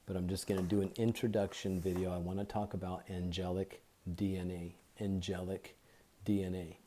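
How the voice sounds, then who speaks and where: A man giving an informal Bible teaching into his phone, deliberately repeating and spelling out key words. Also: sits low, mellow, slight background noise.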